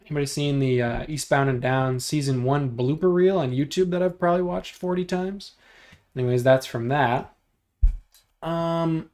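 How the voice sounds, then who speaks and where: A man hosting a livestream, chatting casually and thinking out loud as he builds 3D models, joking and teasing himself along the way. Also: fairly high pitch, normal speed. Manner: joking, self-deprecating, thinks out loud while clicking. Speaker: livestream host modeling in 3D software. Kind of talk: casual livestream chat while working.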